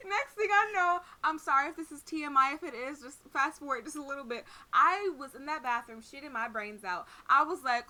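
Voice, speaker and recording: A young woman co-hosting a casual podcast, telling stories in an animated, laughing, profane way. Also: high-pitched, fairly quick, hardly any pauses. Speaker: podcast co-host.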